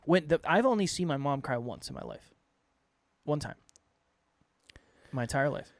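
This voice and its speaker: A man co-hosting a podcast, speaking in a relaxed, reflective conversational way. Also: fairly high pitch, moderate pace, dry recording. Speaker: podcast co-host. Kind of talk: casual conversation.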